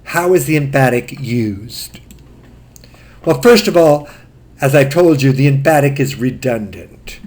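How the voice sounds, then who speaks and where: A man teaching Greek grammar in a recorded lecture, explaining step by step in a slow, methodical way. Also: medium pitch, lively intonation, darkish tone.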